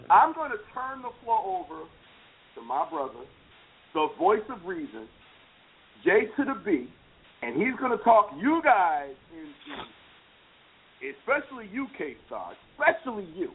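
A man hosting a casual sports talk show, animated and teasing, speaking with emphasis. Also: sits high, breathy edge. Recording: phone-like lo-fi line.

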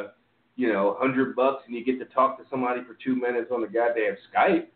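An animated man hosts a podcast in loose, profane chat, and his voice leaps upward whenever he mocks someone. The audio is narrow and phone-like, with a roomy echo around him. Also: brisk. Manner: animated, profane, voice jumps high when mocking. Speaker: podcast host. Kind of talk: casual ranting chat. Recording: echoey, phone-like sound.

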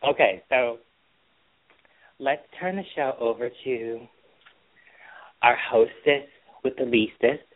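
Speaking slowly with long pauses, a man with a medium-pitched voice co-hosts a casual, gossipy podcast in a sassy, teasing manner. The recording has a thin, phone-line quality.

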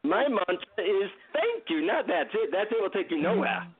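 A man voicing an elderly male Indian guru with an Indian accent, speaking slowly and solemnly over a tinny phone line. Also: high-pitched, very animated, husky, pitched above the performer's own voice, full character voice. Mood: instructive.

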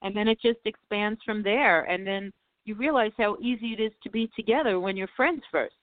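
A woman's voice: mid-range voice, fairly quick, no room sound. Woman guest on a dry tinny line. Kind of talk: casual chat.

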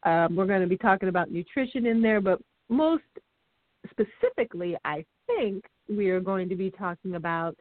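A woman's voice: on the low side, dry recording. Bubbly woman co-host on a tinny phone line. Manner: bubbly, laughs often. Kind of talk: casual radio show chat.

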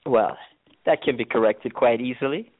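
A man's voice: mid-range voice, normal speed, dry recording. Jamaican man, tinny phone line. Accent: Jamaican, toned down. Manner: easygoing, frequent fillers and restarts. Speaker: tourism board guest. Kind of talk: interview answers.

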